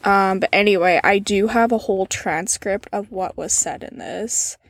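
A woman talking casually on a podcast, her speech loose and full of "like" and "um" as she recounts events. Her voice sits at a middle pitch and sounds close and dry, with no room around it. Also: normal speed, no room sound. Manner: casual, many fillers, reads out quotes in a subdued tone. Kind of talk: casual chat.

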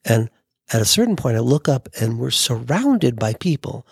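A man's voice: medium pitch, very animated, normal speed, creaky, breathy edge, no echo, clean studio sound. An older man hosting a podcast, telling a story and acting out the voices of the people in it. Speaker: podcast host.

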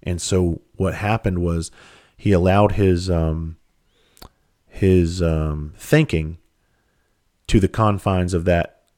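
A man's voice: deep voice, steady tone, takes it slowly, pauses often, a little mellow. A man from South Carolina, a comedian and speaker telling a loose, profane story in casual conversational style.

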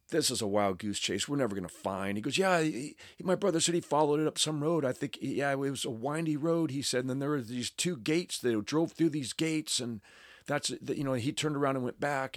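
A man's voice: lowish voice, no room sound, clean studio sound. A middle-aged man from the United States telling a story to a live fan audience at a panel, amused at himself and acting out the dialogue. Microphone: panel microphone.

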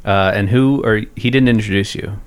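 A man's voice: normal speed, clear, resonant tone, natural voice. A man playing a pushy snobbish chocolate expert. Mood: smug. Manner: pushy, boastful, breaks into high laughs. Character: snobbish male chocolate connoisseur, pushy and boastful. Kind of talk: improvised comedy sketch.

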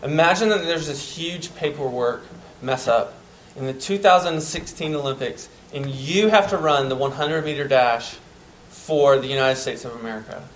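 A man preaching a sermon, earnest and emphatic, dropping to soft tones at tender moments. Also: on the high side, normal speed, few pauses, slight background noise, poor audio.

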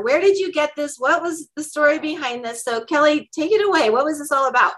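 A woman with a high, bright voice co-hosts a casual podcast. She tells her story in a chatty, animated way. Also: moderate pace, low-quality recording. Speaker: podcast co-host. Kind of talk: casual chat.

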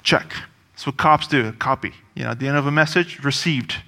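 A man's voice: medium pitch, brisk, gravelly, sharp tone, long reverb tail. A man preaching a sermon in a conversational, emphatic way, repeating phrases and dropping in offhand asides.

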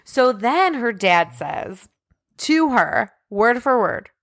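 A woman's voice: a little high, big pitch swings, takes it slowly, fairly bright tone, dry recording, studio quality. A woman co-hosting a podcast, retelling a criminal case in casual chat, full of "like" fillers and indignant asides. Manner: chatty, heavy use of "like" as a filler. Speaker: podcast co-host. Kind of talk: casual true-crime chat.

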